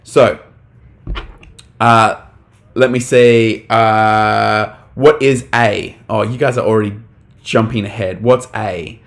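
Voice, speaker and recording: Man, young adult, teacher, lowish voice, casual, fillers, live lesson. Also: fairly even intonation, slow pace, gravelly. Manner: casual, talks to chat, many fillers. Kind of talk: live online English lesson.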